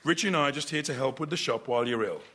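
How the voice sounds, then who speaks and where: An actor playing a prim, exasperated middle-aged son from London who manages a classical music store, in a radio sitcom. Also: male voice, mid-range voice, very fast, bright, forceful tone.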